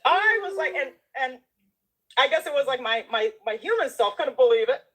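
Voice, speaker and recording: A woman telling a personal story in casual conversation, animated, laughing often and acting out the voices of the people she quotes. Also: sits high, moderate pace, low-quality recording. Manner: acts out the people she quotes, including herself.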